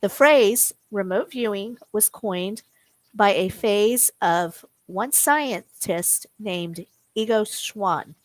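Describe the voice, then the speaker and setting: Woman podcast host reading notes, slow and steady, trips on words now and then, dry close mic. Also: mid-range voice, no room sound, poor audio. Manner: slow, reads with stumbles and self-corrections. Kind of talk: reading prepared notes, casual chat.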